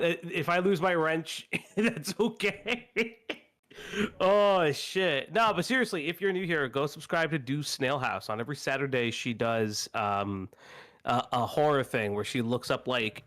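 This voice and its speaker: A man's voice: medium pitch, moderate pace, fairly bright tone. A man guesting on a stream, chatting loosely, laughing a lot and swearing freely. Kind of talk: casual stream chat.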